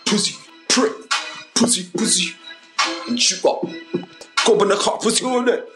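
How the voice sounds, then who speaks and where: A man's voice: high-pitched, normal speed, natural voice. A man playing a swaggering young grime MC, rapping brash, repetitive boasts in a comic diss track. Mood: boastful. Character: swaggering young male grime MC, bragging rival. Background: music beat.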